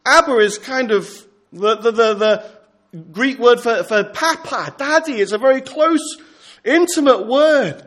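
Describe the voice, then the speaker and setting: A man preaching an earnest pastoral sermon, slowing down to dwell on scripture quotations. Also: very high voice, fairly bright tone.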